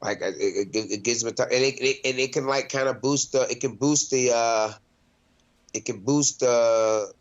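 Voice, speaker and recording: A man's voice: mid-range voice, normal speed, muffled recording. A man, a mixed martial arts fighter, chatting casually in an interview, loose and profane with lots of laughs and restarts. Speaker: MMA fighter, interview guest.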